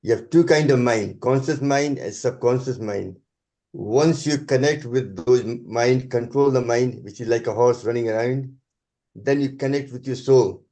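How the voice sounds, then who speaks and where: A man with a Scottish accent giving an earnest, halting spiritual talk over a video call. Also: medium pitch, warm tone. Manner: earnest, halting, restarts sentences. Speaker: guest speaker.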